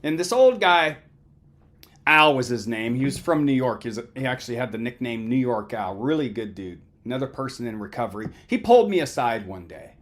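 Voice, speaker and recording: A man's voice: mid-range voice, expressive, a little fast. A middle-aged man lecturing as a counselor, conversational and emphatic, often checking in with "right?". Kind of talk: motivational talk.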